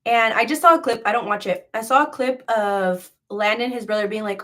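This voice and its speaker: A woman's voice: a little high, moderate pace, fairly bright tone. A young woman hosting a crochet live sale, chatting casually in a rambling, gossipy way full of filler words. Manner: rambling, filler-heavy, with many likes; gossipy and frank. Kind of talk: casual live-stream chat.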